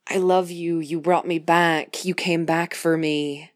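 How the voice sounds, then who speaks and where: A woman casually voicing a gentle, devoted male Jedi in her own retelling, with soft, earnest lines. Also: fairly low pitch, little pitch movement, slow, no echo, clean studio sound. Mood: tender.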